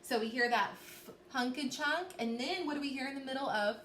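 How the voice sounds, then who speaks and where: A woman teaching a recorded phonics lesson to young children, slow and clear, stretching out sounds and encouraging them. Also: high voice, a bit bright. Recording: echoey room with faint background noise.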